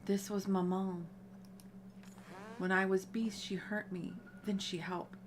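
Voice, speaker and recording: A woman reading the lines of a gentle young male creature who was once a beast, in halting, broken English. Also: medium pitch, level tone, noisy background, natural voice. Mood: tender.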